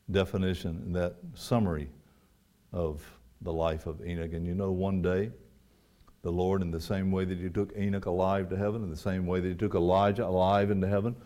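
A man preaching a sermon, rising to loud emphatic peaks and dropping to quiet, low asides. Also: flat delivery, moderate pace.

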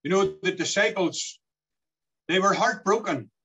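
A man delivers an earnest sermon. His voice is fairly high and bright, with a husky edge. It rises and sinks as he works through scripture. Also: lively intonation, unhurried, highs cut off. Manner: earnest, swelling and dropping as he quotes scripture. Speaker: preacher.

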